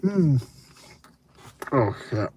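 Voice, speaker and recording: A man's voice: medium pitch, big pitch swings, very slow, a little mellow, slight background noise. Tipsy rambling man hosting a show. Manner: rambling, sing-song, swearing often. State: tipsy from drinking. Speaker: show host. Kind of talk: casual livestream chat.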